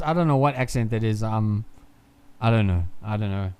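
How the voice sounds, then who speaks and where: A young man streaming casual, rambling live race commentary. He swears freely, talks excitably and sounds groggy from too little sleep. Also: lowish voice, normal speed, clean tone.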